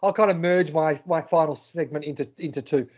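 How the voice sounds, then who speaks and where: A man's voice: on the high side, fairly quick, darkish tone, dull audio. An Australian man co-hosting a casual sports podcast, joking and mock-indignant with his co-host.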